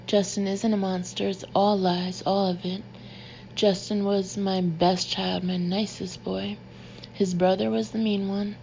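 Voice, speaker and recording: A woman's voice: medium pitch, little pitch movement, a little slow, vocal fry, darkish tone, highs cut off, a little hiss or hum. A woman voicing a fervent, insistent middle-aged mother with a Southern accent, pleading emphatically in an audiobook.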